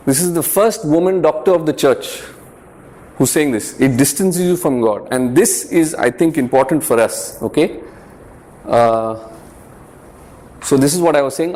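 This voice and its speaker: Man, youth group speaker, slightly raised pitch, earnest, chatty, keeps asking "yeah?". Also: darkish tone. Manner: repeats words and checks in with "yeah?" and "right?"; conversational, earnest, lightly humorous. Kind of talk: informal faith talk to a youth group.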